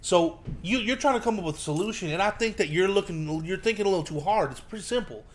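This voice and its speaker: A man's voice: high voice, expressive, quick pace, pitched above the performer's own voice. A man putting on the voice of a brash, pushy male conspiracy talk-show host who talks down to his guest. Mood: smug lecturing.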